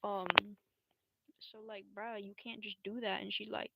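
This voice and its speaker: A woman's voice: medium pitch, little pitch movement, a little slow, gravelly, sharp tone, no room sound. A young woman streamer telling a story in a casual, rambling way, full of slang and fillers.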